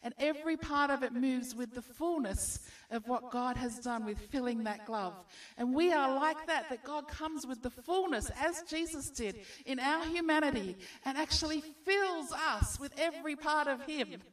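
A woman's voice: on the high side, moderate pace, few pauses, distant mic. A woman preaching a sermon, encouraging her listeners with rhetorical questions.

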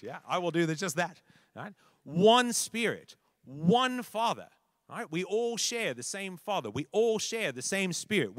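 A man preaching a conversational sermon, animated, repeating words for emphasis and checking in with listeners. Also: on the high side, no echo, clean studio sound.

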